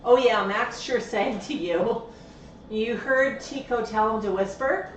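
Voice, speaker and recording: Woman, parrot owner, slow coaxing pet talk, somewhat high voice, distant mic with faint hiss. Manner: coaxing, sing-song talk to birds. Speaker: parrot owner streaming live. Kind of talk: casual talk to pet birds. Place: indoor room with pet birds. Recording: echoey room, voice from far off mic, faint hiss.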